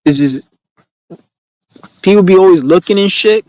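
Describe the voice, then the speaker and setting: Telling animated stories, a man answers viewers on a casual live stream in rambling, profane street slang. He speaks at normal speed in a voice that sits high, captured in a dry recording with the highs cut off.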